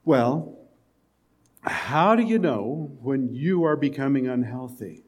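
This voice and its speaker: A man preaching a sermon in a conversational way, with quiet, emphatic lines and the odd chuckle. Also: mid-range voice, animated, slow, breathy edge. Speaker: pastor.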